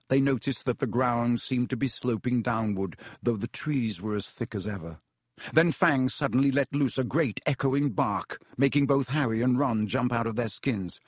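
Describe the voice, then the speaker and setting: A man's voice: mid-range voice, no room sound, studio quality. Man reading an audiobook aloud. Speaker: audiobook narrator. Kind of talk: scripted narration.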